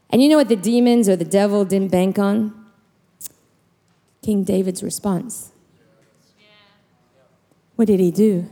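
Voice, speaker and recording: A woman preacher giving an emphatic, animated sermon in a church hall, telling stories from scripture. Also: mid-range voice, a little slow, long pauses. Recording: long hall reverb.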